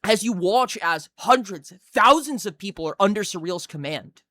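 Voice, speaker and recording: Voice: medium pitch, lively intonation, moderate pace, a bit bright, no echo. A game master narrating a tabletop game scene by scene, vivid and building detail.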